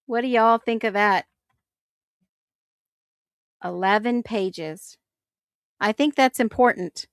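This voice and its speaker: A woman's voice: fairly high pitch, slow pace, pauses often, smooth, no room sound, studio quality. A woman hosting a talk show, thinking aloud in casual commentary and reacting with incredulous exclamations. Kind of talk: casual commentary on case documents.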